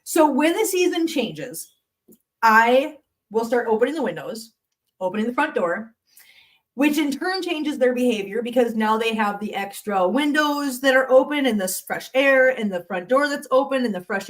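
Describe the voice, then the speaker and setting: A woman's voice: on the high side, lively intonation, moderate pace. A middle-aged woman hosting a casual cat live stream from her home studio, chatting with viewers, answering the chat and laughing often.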